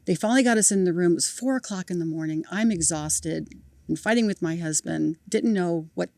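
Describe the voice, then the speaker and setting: A middle-aged woman, a podcast guest telling lively family stories and acting out the people in them. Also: lowish voice, a little fast, creaky, no room sound. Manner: animated storyteller, acting out voices with laughter. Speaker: podcast guest, mother of a cancer patient. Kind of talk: storytelling in an interview.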